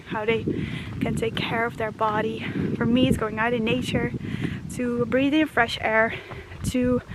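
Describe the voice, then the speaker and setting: A woman with a slightly high voice talks while walking a forest path, a little out of breath. Her tone is earnest and musing, full of "you know" fillers and easy laughs. Faint outdoor ambience hangs behind her. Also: background noise. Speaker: vlogger. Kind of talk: walk-and-talk spiritual vlog.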